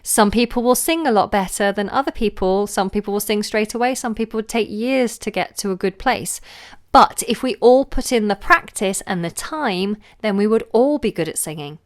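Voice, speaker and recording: A woman, a singing teacher answering viewer questions in a relaxed, chatty way on a live stream. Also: mid-range voice, moderate pace. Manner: relaxed, chatty, demonstrates sounds with her voice.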